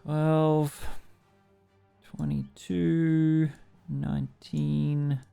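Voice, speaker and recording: An Australian man running a tabletop game as dungeon master, unhurried and fumbling with the software between rulings. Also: fairly high pitch, little pitch movement, creaky, clear, resonant tone, faint music behind.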